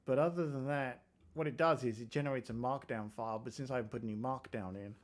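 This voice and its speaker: A man's voice: mid-range voice, quick pace, a little hiss or hum. An English man hosting a casual live coding stream, chatting and joking about his code as he reads out viewer comments. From England. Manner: chatty, self-deprecating, reads out chat comments. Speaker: developer livestream host.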